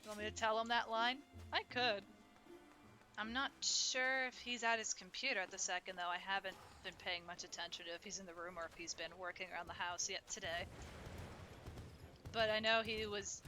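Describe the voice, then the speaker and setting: A woman's voice: mid-range voice, fairly even intonation, fairly quick, pushed and bright. A young woman chatting casually and playfully while streaming a game, often giggling. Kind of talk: casual live-stream chat. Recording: game music in the background.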